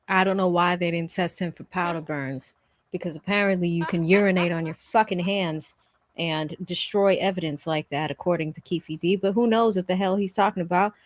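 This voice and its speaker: A woman's voice: medium pitch, dry recording. A woman hosting a livestream, giving blunt, exasperated and profane commentary. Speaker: livestream host. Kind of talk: live commentary.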